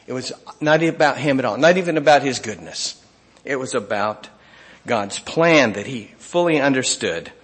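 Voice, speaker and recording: A man preaching a sermon, reading scripture aloud and swinging from emphatic lines to hushed asides. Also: mid-range voice, expressive, normal speed, slightly rough, big-room sound. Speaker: pastor.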